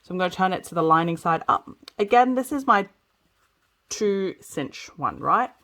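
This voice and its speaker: A woman talking through a sewing tutorial step by step, chatty and relaxed, often checking in with viewers as she works. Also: fairly low pitch, normal speed. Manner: chatty, explains as she works, frequent "okay" and "so". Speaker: sewing instructor. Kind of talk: casual step-by-step craft tutorial.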